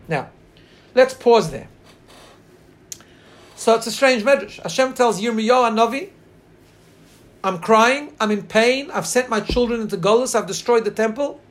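Guy with a high voice teaching torah, tells the midrash earnestly, draws out the quotes slow. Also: animated. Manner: pauses to share screen and look up text. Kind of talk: Torah class.

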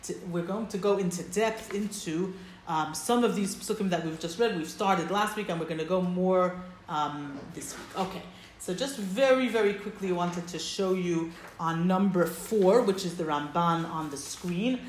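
A woman's voice: lowish voice, normal speed, a little hiss or hum. A woman teaching a text-study class, explaining step by step and checking in with her listeners. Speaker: Torah teacher. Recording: roomy echo.

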